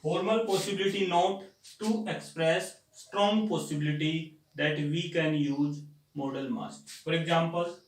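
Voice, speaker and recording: A male teacher with an Indian English accent, giving a grammar lecture slowly and deliberately and repeating words for emphasis. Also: on the high side, steady tone, distant mic. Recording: echoey room, voice set back from the mic.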